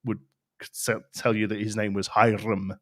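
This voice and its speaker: A man's voice: lowish voice, flat delivery, normal speed, no echo, clean studio sound. A man with an English Midlands accent, co-hosting a casual podcast chat and explaining things at length with lots of fillers and restarts. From England. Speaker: podcast co-host.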